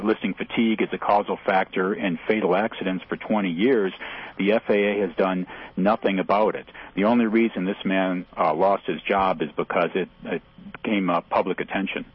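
Deep husky male pilot guest. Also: no room sound. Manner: measured, firm, slightly halting. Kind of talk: radio interview. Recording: dull band-limited radio audio.

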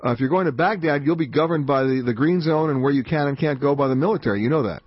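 A man hosting a radio travel call-in show, chatty and emphatic with quick asides. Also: fairly high pitch, breathy edge, no room sound. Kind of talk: fast radio call-in talk. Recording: dull band-limited radio audio.

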